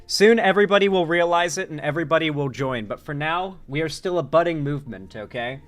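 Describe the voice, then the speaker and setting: A man hosting a live political commentary stream, reading chat aloud in an animated, joking way and swearing casually. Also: on the high side, a little fast.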